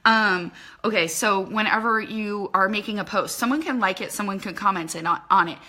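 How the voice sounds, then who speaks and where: A woman with a bright, forward voice runs a casual live tutorial for small-business owners, speaking straight into her phone. She talks in quick, chatty bursts, leaning on fillers and loose asides as she explains. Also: mid-range voice. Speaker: social media business trainer.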